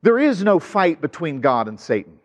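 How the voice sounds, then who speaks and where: A man's voice: fairly high pitch, sing-song, normal speed, in a large hall. A man preaching a sermon as pastor, conversational, with asides and rhetorical questions to the congregation.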